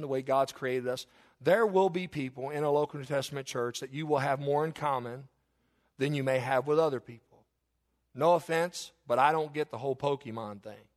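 A male pastor delivers a sermon in his church with a high, bright-pitched voice. He talks in a folksy way, slipping into joking asides and growing excitable when he tells a story. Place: church sanctuary.

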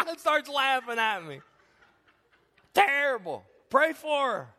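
A man's voice: very high-pitched, takes it slowly. A man preaching, telling funny stories from the pulpit and laughing often at himself. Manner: laughs often at his own stories, animated. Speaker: pastor. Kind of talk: humorous sermon storytelling.

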